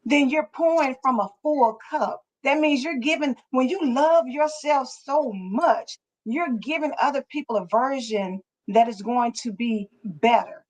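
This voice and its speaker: Woman talk-show co-host, high voice, emphatic motivational delivery. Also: unhurried, few pauses, a little mellow, low-quality recording. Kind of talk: casual morning show chat.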